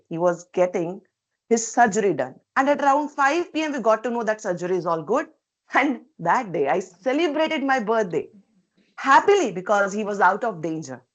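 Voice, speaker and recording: A woman giving a prepared, reflective personal speech at a club meeting over a video call, asking many rhetorical questions. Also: mid-range voice. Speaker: speaker at a public speaking club meeting.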